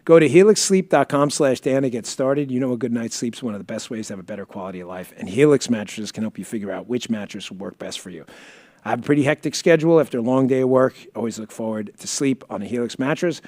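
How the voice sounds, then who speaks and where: A man hosting his own live-stream show, reading an ad and telling stories in an animated, emotional way while sniffling. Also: mid-range voice, dry recording. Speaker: podcast host. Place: studio.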